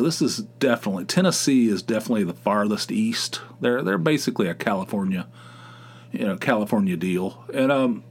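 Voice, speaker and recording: A middle-aged man hosting a podcast, rambling casually and mocking excited people with put-on voices. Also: mid-range voice. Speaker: podcast host. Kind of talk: casual solo podcast rant.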